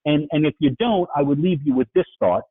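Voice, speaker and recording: A man from New York with a New York accent, giving a fast-paced webinar presentation and checking in with "right?" and "okay?" as he goes. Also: on the high side, lively intonation. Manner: fast-talking, frequent "right?" and "okay?" asides. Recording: phone-like, dry, husky sound.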